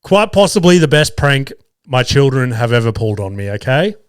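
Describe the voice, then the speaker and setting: Australian man, podcast host, mid-pitched, crude casual storytelling, laughs often, dry close sound. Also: moderate pace, smooth, no echo. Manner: profane, laughing, animated anecdote telling. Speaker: father of two young boys.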